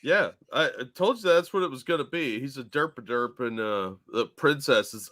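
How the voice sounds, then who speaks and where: A man's voice: mid-range voice, expressive, normal speed, hardly any pauses, fairly bright tone. A man co-hosting a casual podcast chat, making dry wry jokes. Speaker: co-host.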